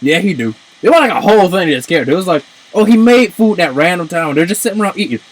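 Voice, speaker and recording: Husky animated man ranting. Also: high voice, fast, poor audio. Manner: animated, swears, jumps into shouts. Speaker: video commentator. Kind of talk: ranting commentary.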